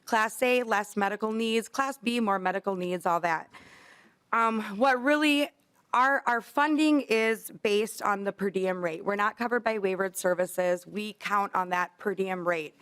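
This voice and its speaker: A woman's voice: mid-range voice, measured pace, a bit bright, clean tone. A woman, a facility administrator, gives earnest, apologetic testimony to a legislative committee.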